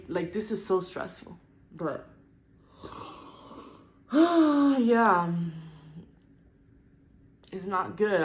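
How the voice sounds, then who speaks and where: A young woman vlogging a frustrated personal rant, upset and close to tears, with lots of "like" in her talk. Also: on the low side. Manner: frustrated, venting, heavy use of "like".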